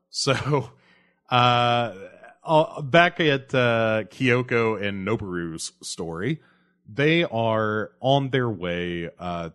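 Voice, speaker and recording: A solo podcast host with a lowish voice talks through a film's plot in a loose, casual style. He fills his sentences with "uh" and "you know" and lets out awkward laughs when the material gets grim. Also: a bit bright. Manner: rambling, heavy on fillers like uh and you know. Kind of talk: casual movie plot recap.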